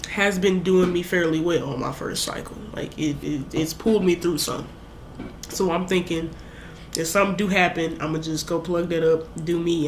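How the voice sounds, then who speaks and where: A young woman vlogger retells a story in a casual, rambling, animated way, acting out her own lines. Her voice is fairly low, and the echoey room recording has a little hiss or hum.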